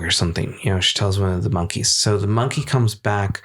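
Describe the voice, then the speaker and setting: Young male co-host, lower pitch, chatty and anecdotal, lots of ums. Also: a little fast, a bit bright. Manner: rambling anecdotal storytelling with fillers and laughs. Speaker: podcast co-host. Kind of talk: casual chat, storytelling.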